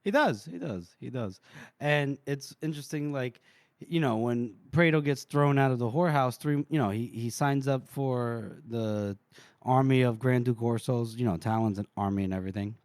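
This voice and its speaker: A man co-hosting a casual book podcast, excitable and laughing often as he recaps the story. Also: medium pitch, normal speed, clean tone, no echo. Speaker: podcast co-host.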